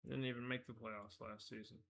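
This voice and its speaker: A man's voice: medium pitch, level tone, a little fast, gravelly, a bit bright, slight background noise. A man hosting a casual live stream, talking loosely as he goes, often breaking off mid-sentence and chuckling at his own asides. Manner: rambling, self-interrupting, easily amused.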